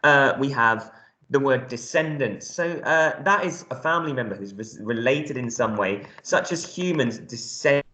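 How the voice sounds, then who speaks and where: A man's voice: mid-range voice, animated, normal speed, bright, forceful tone, reverberant. A male primary school teacher giving a recorded reading lesson, explaining words step by step in a friendly way with lots of ums.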